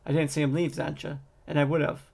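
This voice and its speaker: Nervous blunt young guy in a fantasy audiobook read by a man, flat gravelly voice. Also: on the high side, fast talker. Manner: plain reading voice, little change from narration.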